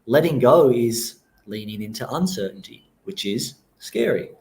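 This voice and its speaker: A man explaining his approach calmly and thoughtfully as a guest on a podcast interview. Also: medium pitch, measured pace.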